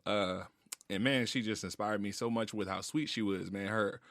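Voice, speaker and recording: A man's voice: lowish voice, fairly even intonation, moderate pace, vocal fry, a bit bright, no room sound. A man guest on a podcast, talking casually and reflectively, slangy and openly emotional. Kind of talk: casual heartfelt conversation. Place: podcast studio.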